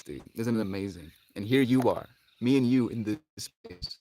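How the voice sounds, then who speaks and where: Soft-spoken dreamy man on a live stream. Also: lowish voice, dry recording. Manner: dreamy and heartfelt, lots of laughter and sighs; drawn-out pauses, often trailing off quietly. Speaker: livestreamer. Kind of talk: live stream chat with viewers. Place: outdoors with birds audible.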